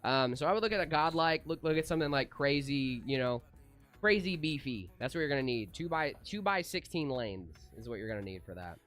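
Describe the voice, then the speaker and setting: A man co-hosting a casual livestream, reading chat aloud and answering in a relaxed, easygoing way. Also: mid-range voice, brisk, soft background music. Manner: laid-back, reads chat aloud, calls people dude. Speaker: livestream co-host.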